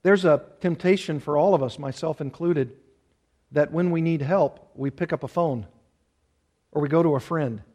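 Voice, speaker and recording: A man's voice: fairly high pitch, moderate pace, mellow. A man preaching an earnest expository sermon, repeating key phrases for emphasis. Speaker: pastor.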